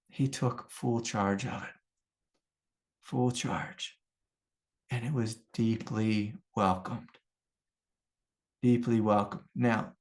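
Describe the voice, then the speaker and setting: Middle-aged man, spiritual teacher, gravelly and earnest, talks in a heartfelt, conversational way. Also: medium pitch. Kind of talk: casual storytelling talk.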